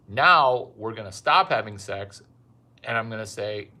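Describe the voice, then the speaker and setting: A man's voice: medium pitch, lively intonation, takes it slowly, pushed and bright. A man delivering a rambling, provocative comic monologue with brash, repetitive phrasing. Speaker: self-styled dating advice comedian.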